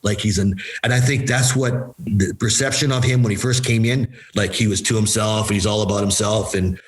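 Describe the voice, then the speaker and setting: An older man with a somewhat low voice spins long stories as an interview guest. He acts out quoted lines from other people and keeps repeating words for emphasis. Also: fairly even intonation, fairly quick, low-quality recording. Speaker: guest, former hockey player and coach. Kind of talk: storytelling interview answers.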